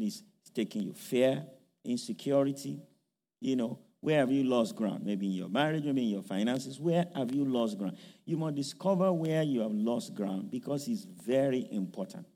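A man's voice: mid-range voice, mellow. A man preaching a sermon, firing rhetorical questions with many fillers and restarts, and raising his voice sharply when he acts out a quote. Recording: long hall reverb.

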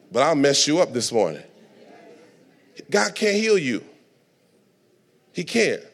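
Preaching man, fiery and dramatic. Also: on the high side. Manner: dramatic, swings from soft asides to shouting. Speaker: pastor. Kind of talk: sermon.

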